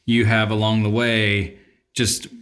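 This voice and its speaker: A man hosting a casual interview, asking eager questions and filling pauses with "like" and "you know". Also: lowish voice, completely flat delivery, fairly bright tone. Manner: eager questions, frequent likes and fillers. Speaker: podcast host.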